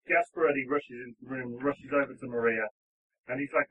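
A man narrating a tabletop game as game master, animated and giggly as he tells the story. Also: mid-range voice, fairly quick, slightly rough. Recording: tinny phone-like line.

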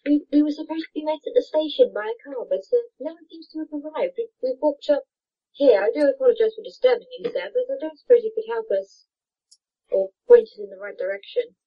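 A woman plays a tabletop game and speaks politely and apologetically in character. Her voice is a bit husky and sits slightly high. The audio is dull and lo-fi. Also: quick pace. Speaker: player.

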